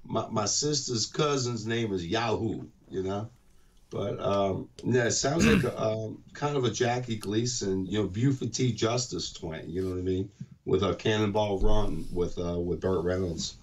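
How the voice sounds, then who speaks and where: Loud joking Cajun man on a call. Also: lowish voice, measured pace, distant mic, a little hiss or hum. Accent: Cajun Louisiana. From Louisiana. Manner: loud, joking, rambling storyteller. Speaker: guest co-host on a call. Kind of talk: casual radio chat. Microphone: call over internet.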